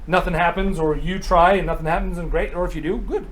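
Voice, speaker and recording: A man's voice: sits high, steady tone, fast talker, natural voice, poor audio. A man voicing an easygoing, hardworking male giant who grumbles casually.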